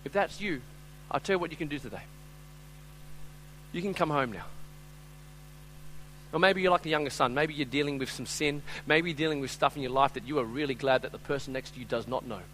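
A male pastor delivers a sermon in a chatty, storytelling way, acting out the characters' voices and dropping to a hush before rising loud again. His voice is bright and forceful and sits a little high for a man. A faint hum lies under the recording. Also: a little fast, pauses often, rough recording. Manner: storytelling with acted-out voices, swings between loud and hushed; conversational, repeats "I'm telling you" and "right?".

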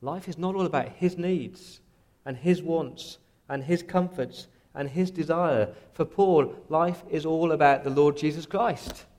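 A man's voice: fairly high pitch, a little slow, hardly any pauses, a little mellow. A man preaching a sermon as pastor, earnest and direct, often voicing the apostle's prayers in the first person.

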